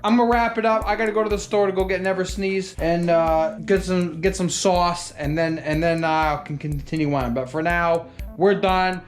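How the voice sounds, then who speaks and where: A woman's voice: on the low side, steady tone, normal speed, few pauses, soft background music. A woman hosting a repair vlog, muttering and swearing in frustration as she works in a hot garage. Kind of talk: casual hands-on repair vlog.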